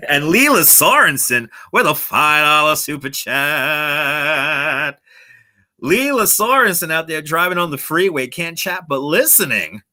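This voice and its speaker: A man's voice: on the high side, very animated, unhurried, sharp tone. A man hosting a casual livestream outdoors, chatting with viewers and laughing often, on a lapel mic. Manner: chatty, reads out and answers chat, laughs often. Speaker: livestream host. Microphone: wireless lapel mic.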